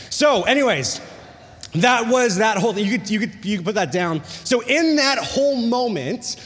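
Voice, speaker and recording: A male pastor preaching a sermon, telling a personal story with animated jokey asides and bursts of excitement. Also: sits high, normal speed. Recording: long hall reverb.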